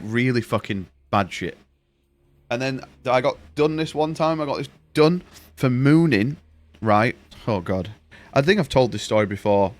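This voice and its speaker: Young dude streaming, swears a lot, rambles through stories, mid-pitched voice. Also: male voice. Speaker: gaming streamer. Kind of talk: casual chat while streaming.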